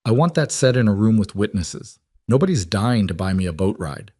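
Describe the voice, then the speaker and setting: Man voicing steely crime boss, firm measured orders, low voice, dry sound. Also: very animated, darkish tone, dry recording. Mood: commanding. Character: commanding male crime boss, steely and decisive. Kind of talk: audiobook character voice.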